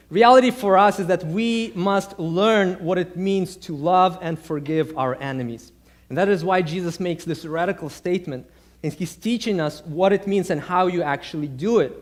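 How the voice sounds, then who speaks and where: A male pastor preaches in a relaxed, conversational manner, often circling back and restarting his phrases as he tells stories. His voice sits notably high for a man. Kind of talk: sermon.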